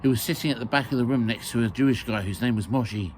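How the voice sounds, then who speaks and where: A man's voice: mid-range voice, fast talker, darkish tone, slight background noise. A man reading his own memoir aloud, hesitant with fillers and a dry sense of humour.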